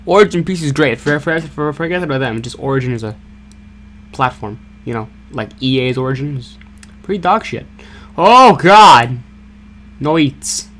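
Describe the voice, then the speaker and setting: A young man hosting a gaming channel, giving excitable, jokey play-by-play commentary with stammered repeats and sudden yelps. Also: medium pitch, normal speed. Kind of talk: casual gameplay commentary.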